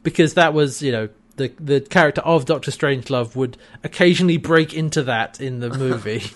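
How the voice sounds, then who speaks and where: A man co-hosting a podcast in casual chat, retelling a TV episode with lots of laughter and quick character impressions. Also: mid-range voice. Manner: animated retelling, acts out character lines, laughs often. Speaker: podcast co-host recapping a TV episode.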